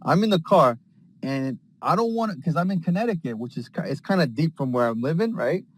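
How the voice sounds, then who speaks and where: A man chatting casually from a parked car, telling a rambling, excitable story packed with fillers and slang. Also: fairly high pitch, fairly quick, dry recording, rough recording. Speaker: space participant. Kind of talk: casual chat.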